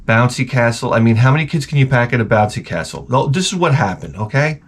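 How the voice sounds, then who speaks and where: Animated ranting man. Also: mid-range voice, fast talker, slightly rough. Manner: animated, swearing, storytelling. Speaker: video host. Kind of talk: comedic rant. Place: garage workshop.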